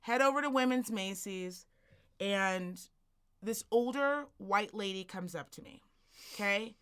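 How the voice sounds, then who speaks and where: Bright, animated woman ranting. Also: medium pitch, a little slow, clean tone. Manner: animated, profane, acts out quoted people. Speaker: podcast co-host. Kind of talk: storytelling rant.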